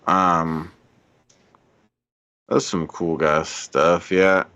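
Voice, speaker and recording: A man co-hosting a casual live stream, talking in a laid-back, rambling way with deadpan jokes. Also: sits low, very slow, clear, resonant tone, lo-fi sound. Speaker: podcast co-host.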